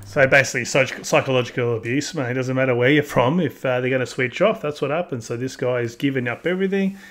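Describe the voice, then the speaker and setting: A man's voice: medium pitch, fast talker, fairly bright tone. A man hosting a show, reacting to a guest's story with blunt, crude, slangy comments. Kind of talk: casual commentary.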